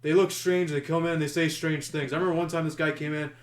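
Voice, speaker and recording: A man's voice: fairly high pitch, little pitch movement, fast. A man co-hosting a podcast, telling stories in a casual, rambling way full of "like" and restarts. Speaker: podcast co-host. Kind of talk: casual storytelling chat. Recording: roomy echo.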